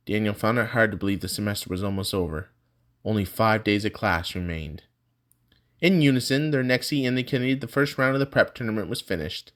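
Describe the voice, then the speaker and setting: A man narrating a fantasy audiobook in a steady, measured way. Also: fairly low pitch.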